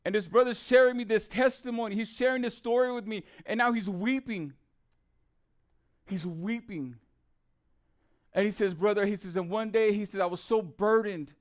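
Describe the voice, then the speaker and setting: A man preaching an impassioned testimony sermon, repeating phrases and swinging between hushed retelling and loud pleading. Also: high voice, fairly even intonation, brisk, few pauses.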